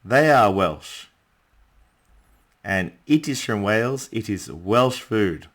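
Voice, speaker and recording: A man teaching a beginner English lesson, speaking deliberately and adding small friendly asides. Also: fairly low pitch, expressive. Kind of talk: beginner language lesson narration.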